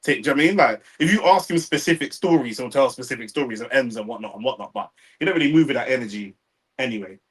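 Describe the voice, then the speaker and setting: A man's voice: mid-range voice, animated, quick pace, slightly rough, poor audio. A young man with a London accent, co-hosting a live stream in casual banter, reading viewer chat and dropping slang like bro and innit. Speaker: watchalong co-host.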